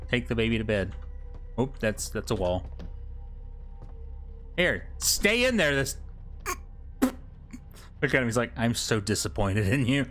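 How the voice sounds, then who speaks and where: Over soft background music, a young gameplay commentator speaks slowly in a mid-range, slightly bright voice whose pitch swoops wildly, pausing often. In this let's play, he jokes with and talks to an on-screen baby, breaking into occasional laughs and yelps.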